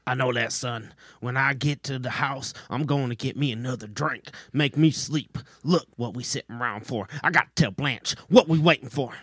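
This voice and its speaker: A man doing a gruff, weary Southern man. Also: mid-range voice, normal speed, few pauses, a bit bright, no echo, clean studio sound.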